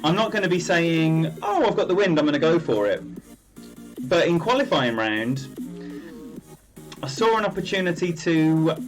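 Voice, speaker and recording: Chatty man streaming a game. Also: fairly high pitch. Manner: chatty, rambling, greets viewers by name. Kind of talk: live-stream game commentary.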